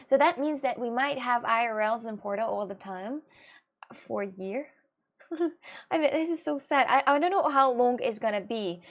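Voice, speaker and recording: A woman's voice: on the high side, expressive, moderate pace, a bit bright. Chatty young woman streamer. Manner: chatty, rambling with many fillers and repeats. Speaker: streamer reading chat. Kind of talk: casual live-stream chat.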